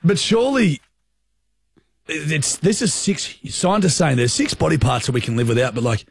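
A man's voice: on the high side, normal speed, gravelly, slightly rough, no room sound. A man in his twenties with an Australian accent, hosting a radio show with playful, jokey banter. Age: 20s. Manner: playful, jokey, animated storyteller. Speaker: radio host.

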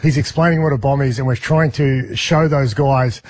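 A man's voice: mid-range voice, fairly even intonation, normal speed, darkish tone, slightly rough, no room sound, clean studio sound. An Australian man co-hosting breakfast radio, telling a rambling story and laughing as he goes. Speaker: radio co-host reporting from abroad. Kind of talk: casual breakfast radio banter.

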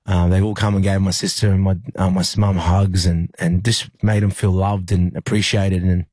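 Low, husky Australian man. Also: flat delivery, darkish tone, no echo. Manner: halting, lots of fillers and restarts. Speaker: interview guest, rugby league player. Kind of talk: emotional personal storytelling.

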